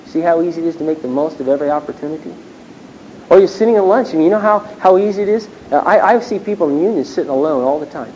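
A pastor delivers a chatty, story-driven sermon, slipping into the voices of people he talks about. His voice is mellow and dark. The recording is dull and lo-fi with a faint hiss behind it. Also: fairly high pitch, animated, fast talker. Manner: conversational, storytelling, acts out dialogue.

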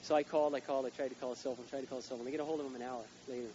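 Man, pastor, fast-talking, sermon with storytelling, muffled live church sound. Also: medium pitch, a little hiss or hum. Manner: storytelling, animated, rising to loud emphatic peaks.

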